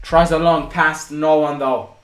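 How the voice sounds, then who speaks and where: A young man hosting a live football watchalong, excitable, breaking into shouts and swearing. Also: on the high side, measured pace. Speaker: fan channel host.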